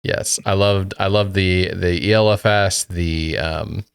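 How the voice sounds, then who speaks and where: A man's voice: low voice, fairly even intonation, unhurried, vocal fry, smooth, dry recording, studio quality. A man co-hosting a casual movie podcast, chatty and laughing often. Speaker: podcast co-host. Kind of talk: casual movie review chat.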